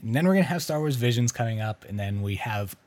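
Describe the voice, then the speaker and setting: A man's voice: medium pitch, animated, quick pace, a little mellow. A man co-hosting a podcast in casual chat, speaking thoughtfully and hedging his points. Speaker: podcast co-host.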